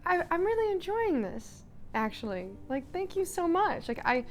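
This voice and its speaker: This is an earnest young peasant girl who stammers through her words in a bright, high voice, acted out by a woman. She swings easily between shy thanks and indignation. Her pitch leaps about a lot. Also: lively intonation, moderate pace. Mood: shy, grateful.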